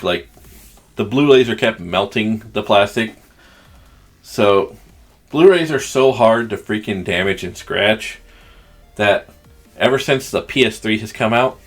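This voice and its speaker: A man with a Southern country accent giving casual, crude, joking commentary as he unboxes a video game collection. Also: fairly low pitch. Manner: crude joking, rambling and chatty. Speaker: gaming channel host.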